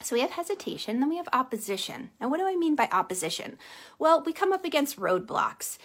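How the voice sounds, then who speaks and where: A woman hosting a casual motivational livestream, telling stories animatedly and dropping to a soft hush on key points. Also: high voice, quick pace. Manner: animated storytelling with acted-out quotes. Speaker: live stream host, empath coach.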